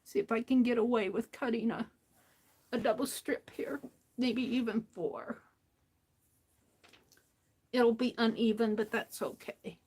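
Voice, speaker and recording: A woman hosting a craft stream, talking casually to herself as she works, often trailing into soft near-whispers. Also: fairly high pitch, unhurried, pauses often, slightly rough, poor audio. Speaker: craft livestream host. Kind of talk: casual craft talk while working.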